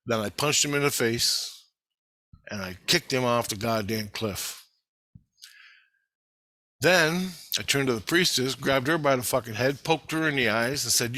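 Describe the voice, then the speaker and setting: Man, profane, rambling storyteller; bright, tense voice, dry recording. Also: mid-range voice, unhurried, pauses often, dry recording. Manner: heavy swearing, rambling storytelling. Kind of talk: casual monologue video.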